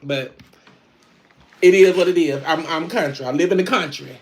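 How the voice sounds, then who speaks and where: Hosting a casual live stream, a man plays a sassy middle-aged country woman and chats in country slang. His voice is on the high side and creaky, at normal speed.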